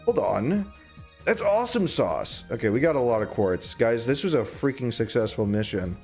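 Male streamer, jokey and animated, pitch all over, faint music underneath. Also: normal speed. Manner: joking, reads chat aloud, sudden squeals and yelps. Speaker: livestreamer. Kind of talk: casual gameplay livestream chatter.

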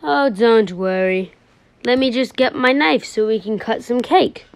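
A woman's voice: on the high side, a little slow, gravelly, dry recording. A woman voicing a sly folksy male guest, fan voice acting of a game. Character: jolly male Irish-type guest, says "laddie".

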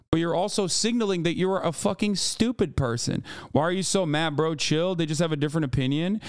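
A high-pitched man rants through a livestream reaction, swearing freely and dripping with sarcasm. His voice comes across smooth and clean, close and dry with no room sound. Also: no echo. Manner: profane, ranting, sarcastic. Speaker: streamer reacting to a debate clip. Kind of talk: heated livestream reaction commentary.

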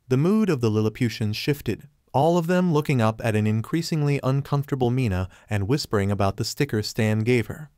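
A man narrating a fanfiction story in an even storybook reading manner. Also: medium pitch, brisk, few pauses, no echo, clean studio sound.

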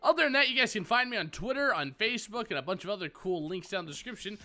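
A man's voice: sits high, expressive, fast talker, sharp tone. A young man rambling through Minecraft commentary as a gaming YouTuber, full of self-mocking jokes. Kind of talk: casual Minecraft let's play commentary.

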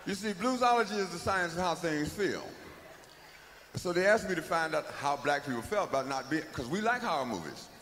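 Lively, profane comic storyteller, man. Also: fairly high pitch, fairly quick. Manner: loose, profane, rhythmic storytelling. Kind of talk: live spoken-word comedy monologue. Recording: live hall recording, faint noise.

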